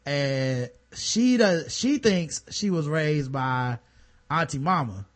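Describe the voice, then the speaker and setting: A man co-hosting a podcast in casual chat, animated and full of fillers. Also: a little high, slow pace. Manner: animated, lots of fillers and put-on voices in stories. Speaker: podcast co-host.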